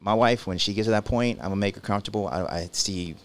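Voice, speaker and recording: A man's voice: lowish voice, fast talker. A man hosting a podcast as a doctor, explaining things in a loose, rambling way full of restarts. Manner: rambling, with many fillers and restarts. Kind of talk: casual conversational interview.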